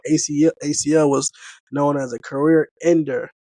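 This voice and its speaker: A man with a Midwestern American accent hosts a podcast interview, his voice a touch higher than most men's. He asks questions in a relaxed, slangy, conversational way, and the close-mic recording is dry. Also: normal speed, no room sound. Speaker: podcast host. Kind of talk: casual interview.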